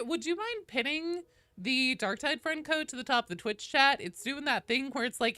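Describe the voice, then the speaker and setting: A woman streaming a game, chatting casually with viewers, greeting them loudly and swearing freely. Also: on the high side, sing-song, brisk, no echo.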